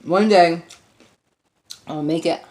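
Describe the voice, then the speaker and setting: A woman's voice: lowish voice, slow pace, a little mellow. A woman hosting an eating show, chatting casually to viewers between bites and humming over her food. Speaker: mukbang host.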